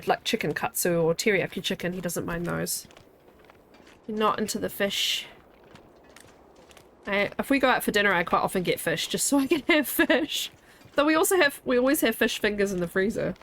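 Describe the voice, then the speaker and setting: A woman's voice: mid-range voice, lively intonation, moderate pace, fairly bright tone. A woman, chatting casually while streaming a game and rambling as she answers her chat.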